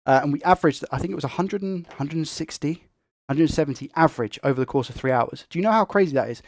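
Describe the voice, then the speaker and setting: Fast-talking man hosting a live stream. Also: on the high side, dry recording. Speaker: tech livestream host. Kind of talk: live stream chat, reading viewer comments.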